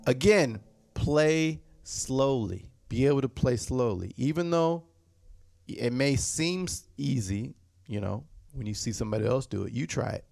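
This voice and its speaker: A man's voice: medium pitch, expressive, measured pace, gravelly, loud music behind the voice. A man teaching drum technique, patiently repeating points and singing rhythms as "da, da". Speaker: drum instructor. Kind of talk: instructional demonstration. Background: snare drum playing.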